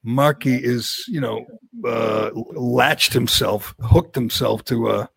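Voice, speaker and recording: A middle-aged man talks politics on the radio, blunt and opinionated, often restarting his sentences. His voice has a gravelly edge, and the studio sound is dry and close. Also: medium pitch, slow pace, dry recording. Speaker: radio co-host. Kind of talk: casual political talk radio chat.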